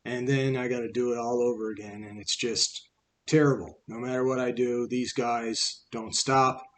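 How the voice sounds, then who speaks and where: A man's voice: medium pitch, little pitch movement, moderate pace, close to an everyday voice. A man voicing a grumbling female gout plague. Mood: complaining. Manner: complaining, rambling.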